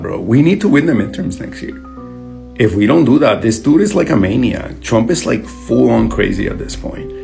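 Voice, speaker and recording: A man's voice: mid-range voice, vocal fry, darkish tone. A man giving heated, blunt social media commentary, swearing often.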